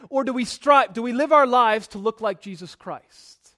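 A young man delivers a sermon in a high voice, pressing his points hard. He shifts between loud, driving lines and softer ones. He often repeats a word as he restarts a sentence. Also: normal speed. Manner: emphatic, swings between loud and soft; repeats words when starting sentences. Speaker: pastor.

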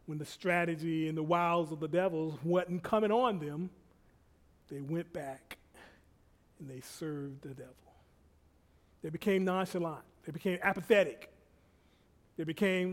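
A man preaches a sermon in a high, ringing voice. He repeats key phrases again and again. His loudness swells and drops as he drives each point home. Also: unhurried, long pauses. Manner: repetitive, rising and falling in loudness.

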